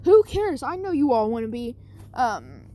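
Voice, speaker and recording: A woman's voice: a little high, expressive, measured pace, darkish tone. A woman doing a stern, lecturing schoolteacher. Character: scolding adult male schoolteacher.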